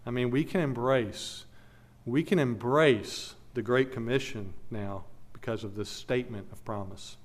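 A man's voice: mid-range voice, unhurried. A man preaching an expository sermon as pastor, earnest and emphatic, repeating key phrases, then leading a prayer.

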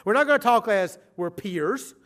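High-voiced emphatic male preacher. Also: animated, moderate pace. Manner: emphatic, swings from quiet asides to urgent loud stresses. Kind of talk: sermon.

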